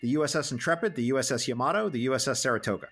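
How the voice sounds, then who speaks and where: A man's voice: medium pitch, animated, very fast, fairly bright tone, husky. A man hosting a podcast interview, playfully announcing a mock game-show quiz in a theatrical way. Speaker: podcast host.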